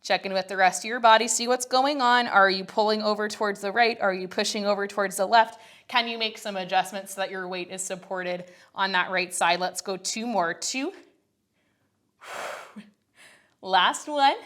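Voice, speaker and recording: A woman's voice: medium pitch, normal speed, a bit bright. A woman leading a Pilates workout, coaching in an upbeat, chatty way and counting reps while exercising along, a little winded. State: working out along, slightly winded. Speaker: Pilates instructor. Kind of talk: guided workout instruction.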